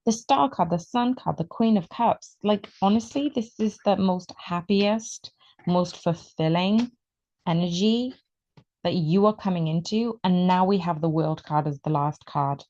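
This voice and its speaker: A woman giving an excitable, emotional tarot reading, stretching out her words for emphasis. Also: fairly low pitch, a little slow, dull audio. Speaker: tarot reader.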